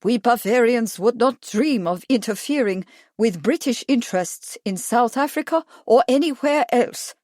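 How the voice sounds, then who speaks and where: A woman's voice: fairly high pitch, expressive, moderate pace, darkish tone, no echo, studio quality, pitched above the performer's own voice, lightly acted. A woman reading a suave aristocratic count. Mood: smooth. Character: suave monocled Bavarian count, aristocratic man.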